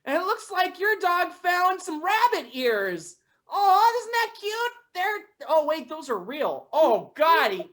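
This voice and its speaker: A young woman plays an excitable woman at the dog park, fussing over her own dog. Her voice sits high, and she keeps breaking into sudden shouts in this improv comedy scene. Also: takes it slowly, exaggerated voice. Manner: animated, bursts into shouting.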